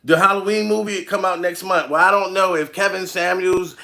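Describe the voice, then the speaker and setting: A man's voice: high voice, fairly even intonation, brisk, creaky, pushed and bright. A man doing a comedic rant to camera, profane and repetitive in street talk.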